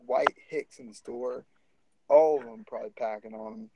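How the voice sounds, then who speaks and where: A man's voice: medium pitch, normal speed, gravelly, breathy edge, poor audio. A man telling a story in a casual, rambling and profane way.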